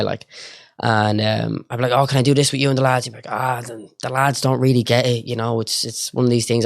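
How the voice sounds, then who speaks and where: A young man with an Irish accent, a guest telling stories casually, quick and full of fillers and acted-out dialogue. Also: on the low side, vocal fry, no echo, studio quality. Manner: rapid, filler-heavy storytelling full of quoted dialogue. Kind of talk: casual storytelling.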